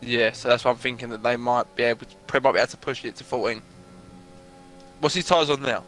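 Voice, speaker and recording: A man's voice: mid-range voice, steady tone, quick pace, fairly bright tone, soft background music. A man co-commentating on a sim race in a casual, chatty way. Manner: casual, chatty, laughs easily.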